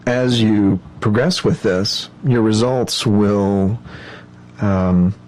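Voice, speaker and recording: A man giving a measured instructional lecture on meditation practice, explaining step by step with frequent ums and uhs. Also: deep voice, darkish tone, low-quality recording.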